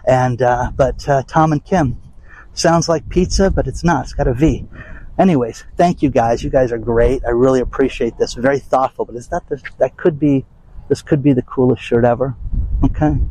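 A man's voice: medium pitch, normal speed, mellow, poor audio. An older man ranting bluntly and emphatically to his audience in a rambling vlog. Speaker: vlog host. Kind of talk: casual rant to camera.

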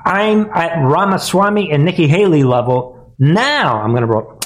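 A man's voice: fairly high pitch, lively intonation, normal speed, close to an everyday voice. A man doing a sarcastic first-person send-up of a smug male politician boasting about a comeback. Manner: sarcastic, mocking.

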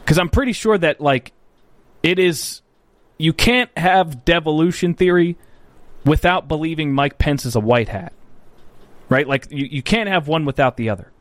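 A man's voice: fairly high pitch, lively intonation, normal speed, dry recording. A man hosting a political commentary livestream. He talks bluntly and profanely, rambles, corrects himself often and answers viewer chat.

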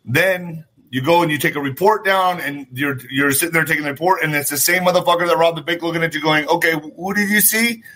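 A man with a bright, brassy voice and a husky edge ranting on a livestream. He is middle-aged, profane and animated, and he talks straight to his viewers as he acts out little scenes in voices. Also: on the high side, fast, hardly any pauses. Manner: talks to viewers directly, asks for thumbs up. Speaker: political commentary host. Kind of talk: livestream political rant.

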